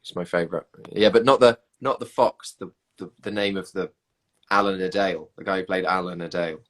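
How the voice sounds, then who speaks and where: A man's voice: low voice, steady tone, brisk, fairly bright tone. A man, chatting casually on a livestream and answering viewer comments. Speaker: livestream host reading comments. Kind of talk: casual chat.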